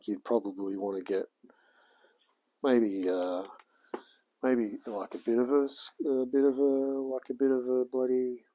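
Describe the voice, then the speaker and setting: A man's voice: mid-range voice, warm tone. A man in his forties with an Australian accent, chatting casually to a live stream audience while working on a car, rambling and saying mate often. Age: 40s. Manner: rambling, talks to chat, says mate a lot. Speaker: livestreamer mechanic. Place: garage workshop.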